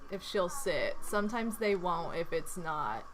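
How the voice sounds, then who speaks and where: Woman streamer, casual game commentary, bright tone, unhurried delivery, quick to exasperated outbursts. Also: on the low side, sing-song. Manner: chatty, prone to loud exasperated outbursts and laughter.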